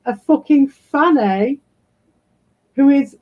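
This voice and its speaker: A woman's voice: high voice, slow pace, lo-fi sound. A woman streaming live, ranting bluntly and combatively and swearing freely. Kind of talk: livestream rant.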